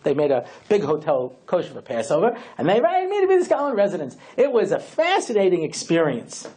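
A man's voice: high voice, wildly swooping pitch, fast, dark tone, slightly rough. A middle-aged man, a rabbi giving a chatty lecture full of asides and "you know".

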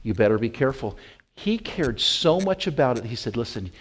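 A man's voice: medium pitch, sing-song, normal speed. A middle-aged man from Wyoming preaching a sermon, earnest, with fillers and emphatic rising peaks. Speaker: pastor.

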